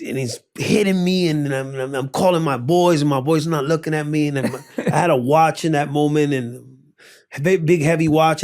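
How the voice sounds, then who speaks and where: Gravelly-voiced man telling a wild story. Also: on the high side, darkish tone. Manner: acts out voices in his stories, laughs often. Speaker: guest. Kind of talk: animated storytelling in conversation.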